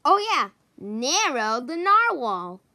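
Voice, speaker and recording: A woman introducing a row of toys one by one, hesitant and pausing often to search for their names. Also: high-pitched, sing-song, sharp tone, dry recording. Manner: hesitant, many pauses and ums. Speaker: toy show presenter.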